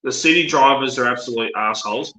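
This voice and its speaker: Aussie guy chatting, blunt and sweary, bright voice, roomy echoey sound. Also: mid-range voice, a little fast. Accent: Australian. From Australia. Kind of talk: casual chat.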